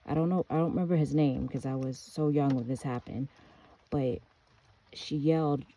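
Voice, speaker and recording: A woman's voice: rumbling low, fairly even intonation, moderate pace, warm tone, poor audio. An American woman telling an earnest, rambling personal story with restarts. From United States. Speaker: speaker giving a testimony.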